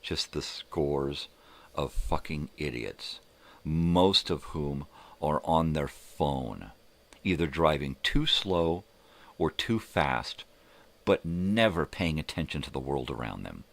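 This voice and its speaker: Very deep gravelly older man ranting. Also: lively intonation, takes it slowly, fairly bright tone. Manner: profane, heated storytelling. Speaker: host of a morning live show. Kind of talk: casual ranting monologue.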